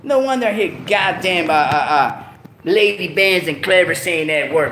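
A man's voice: a little high, lively intonation, normal speed, sharp tone, reverberant, slight background noise. A man hosting his own show in a casual rant, full of profane street slang and repeated lines. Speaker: show host.

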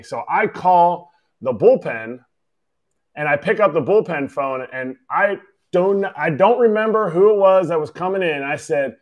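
Animated high-voiced man telling a story. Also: moderate pace. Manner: lively, acts out quoted voices, emphatic. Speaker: guest telling a baseball story.

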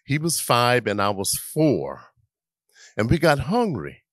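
A man's voice: medium pitch, dry recording, studio quality. A man, telling a childhood story to an audience. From South Carolina. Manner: slow, lively, drawn-out childhood tale.

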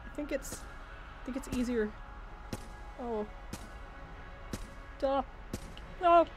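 Over game music, a female gaming streamer talks through her play in a casual let's-play style. Her voice is high-pitched, animated and slow, and her commentary is dramatic and self-mocking, broken by yelps when she panics.

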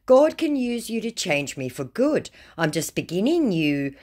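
A clingy, desperate male scammer who begs in a high, whiny, drawn-out voice, as a woman mimics him while reading his messages. The pleading rises and falls wildly. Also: sing-song, a little mellow.

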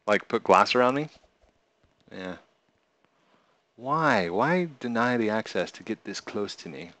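A man hosting a relaxed live stream, reading viewers' messages out loud and answering them with playful humor. His voice sits on the low side, and he talks slowly and unhurriedly. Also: vocal fry, no room sound. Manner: reads viewer chat aloud and answers playfully, often laughing. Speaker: live streamer and game creator. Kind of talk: casual live stream chat.

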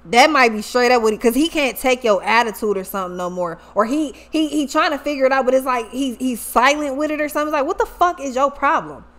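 High-voiced, foul-mouthed woman reading tarot. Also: fast talker, few pauses. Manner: profane, slangy, animated. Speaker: tarot reader.

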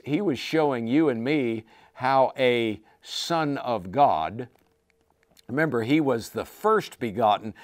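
A man preaching a sermon, telling a Bible story with lively acted-out quotes and sudden loud cries. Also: mid-range voice, no echo, studio quality. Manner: animated, acts out quotes with sudden shouts and laughs.

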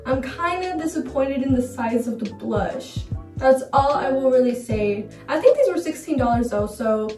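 A young woman with a fairly high voice gushes and dramatizes as she reviews makeup in a casual vlog. She sounds a little distant from the mic, in a roomy, echoing space. Faint music plays underneath. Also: moderate pace. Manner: gushing, excitable, dramatic. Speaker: beauty vlogger. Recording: roomy echo, mic far off.

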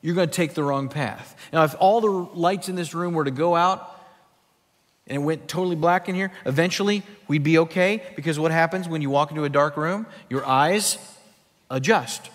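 A man's voice: fairly high pitch, moderate pace, long reverb tail. A male pastor preaching a sermon in a church sanctuary, teaching from scripture with emphatic delivery.

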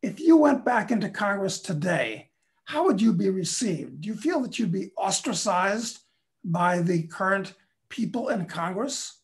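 A man's voice: high voice, big pitch swings, measured pace, gravelly. A man hosting an interview, putting questions to his guest directly. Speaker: host.

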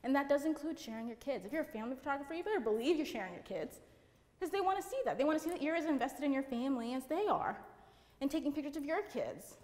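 Loud chatty woman speaking in a reverberant hall. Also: sits high, expressive, fast. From Puerto Rico. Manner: chatty, lots of "like". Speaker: seminar speaker. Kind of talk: seminar talk to photographers. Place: seminar room with an audience. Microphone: handheld mic.

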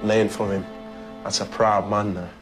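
A man's voice: on the low side, flat delivery, unhurried, music in the background, close to an everyday voice. A man playing a furious skinhead ringleader. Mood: furious ranting. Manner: ranting, aggressive, heavy swearing. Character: menacing adult male skinhead ringleader, volatile. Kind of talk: film drama acting.

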